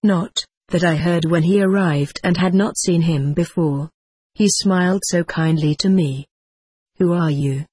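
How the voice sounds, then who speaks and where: A narrator reading a first-person story aloud in an even, slightly stiff manner. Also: mid-range voice, measured pace, breathy edge, no echo.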